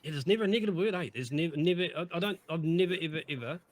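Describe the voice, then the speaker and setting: A man's voice: fairly high pitch, rapid-fire. A man chatting on a podcast, emphatic and upbeat, repeating himself and swearing heavily. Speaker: streamer on podcast. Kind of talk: casual chat.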